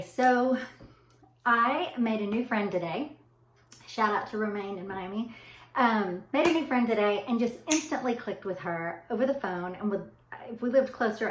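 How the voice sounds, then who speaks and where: Southern woman vlogger, middle-aged, rambling chatty delivery, roomy echo, mid pitch. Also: moderate pace. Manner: chatty, rambling, says y'all. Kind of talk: casual chat to camera. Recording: echoey room.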